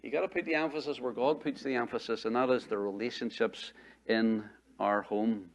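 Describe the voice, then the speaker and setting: A man's voice: mid-range voice, a little fast. A middle-aged man, preaching a sermon as pastor in a conversational way, repeating phrases and asking the congregation rhetorical questions.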